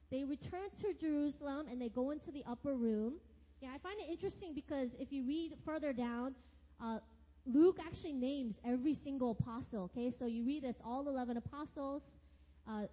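A woman's voice: high-pitched, dark tone. A middle-aged woman teaching a Bible class in a chatty, upbeat way, often saying okay, and reading scripture aloud. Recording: lo-fi audio with long reverb.

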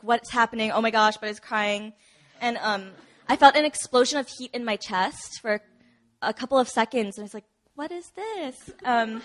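A woman sharing her personal testimony at a church service in a chatty way, with many fillers and frequent laughs. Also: a little high. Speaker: church member giving testimony.

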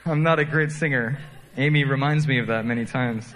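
A man's voice: on the high side, steady tone, normal speed, fairly bright tone, in a large hall, poor audio. A man preaching a sermon as pastor, telling self-deprecating stories in a conversational way.

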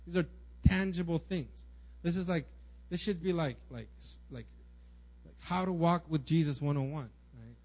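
A young man with a slightly raised pitch delivers a sermon to his church in a casual, conversational way, leaning on fillers and asking "right?" again and again. The recording is muffled and lo-fi. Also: moderate pace, darkish tone. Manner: casual, filler-heavy preaching with many "right?" and "like". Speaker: pastor.

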